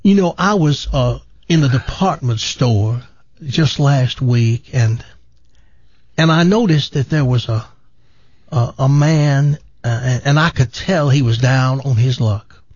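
A man doing an impression of a soft-spoken male TV preacher, telling a story in a gentle, earnest way with slow pauses. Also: mid-range voice, no room sound, highs cut off.

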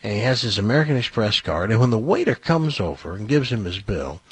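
A man telling a long personal anecdote on a talk show, in an animated storytelling way. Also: lowish voice, brisk, slightly rough, no room sound.

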